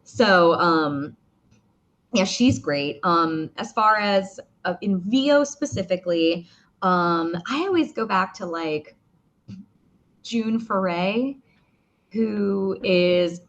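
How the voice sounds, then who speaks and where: A woman voice actor talking casually in an interview, chatty with many fillers and restarts, with a slightly rough morning voice. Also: medium pitch, animated, slow pace. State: morning voice, clearing throat. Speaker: voice actor guest.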